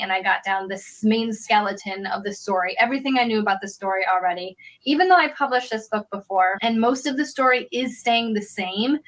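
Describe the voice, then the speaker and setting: A woman's voice: fairly high pitch, a bit bright. A woman author talking in a casual vlog, candid and reflective about her own work. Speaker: author and vlogger.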